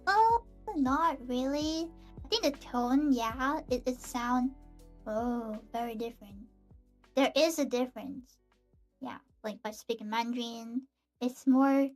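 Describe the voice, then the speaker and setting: A guest on a casual streamed chat, talking in a hesitant, halting way. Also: high-pitched, faint music behind. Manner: hesitant, halting, quick laughs. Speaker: podcast guest.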